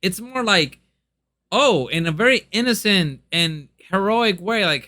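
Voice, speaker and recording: A man's voice: high voice, expressive, unhurried, bright, forceful tone, no room sound. A young man chatting casually and eagerly in a review, with lots of ums and restarts. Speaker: manga reviewer.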